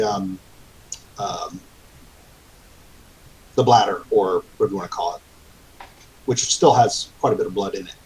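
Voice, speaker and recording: A man narrating as game master of a tabletop game, halting and filled with fillers. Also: on the low side, darkish tone, husky, low-quality recording.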